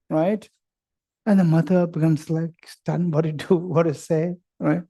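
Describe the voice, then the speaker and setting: Mellow-voiced man teaching a retreat. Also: a little high, steady tone, moderate pace. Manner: playful storyteller who acts out everyday dialogue; repeats points and checks understanding with the audience. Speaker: Buddhist teacher. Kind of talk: dharma teaching to a retreat group.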